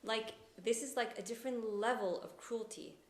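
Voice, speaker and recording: Soft-spoken emotional woman host. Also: on the high side, normal speed. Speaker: podcast host. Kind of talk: conversational interview. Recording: echoey room with faint ambience.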